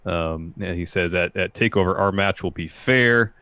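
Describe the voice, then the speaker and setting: Man, podcast co-host, very deep voice, dry sound, steady recap with filler words. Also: moderate pace, no room sound. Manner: recaps by paraphrasing, many fillers. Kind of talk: casual wrestling recap.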